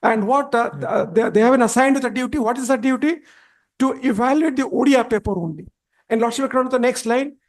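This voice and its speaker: A man arguing a case before a judge, halting and deferential, with many restarts and repeated "my lords.". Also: extremely high pitch. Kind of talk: courtroom argument.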